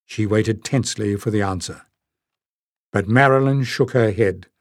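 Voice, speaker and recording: A man giving a steady scripted reading of a fantasy novel as audiobook narrator. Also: on the low side, a little slow, dry recording, clean studio sound.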